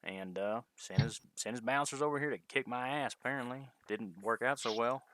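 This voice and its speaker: A man's voice: mid-range voice, a little fast, sharp tone, dry recording. A man playing a tabletop game, speaking in character in a defensive, exasperated way, with frequent swearing. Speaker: player.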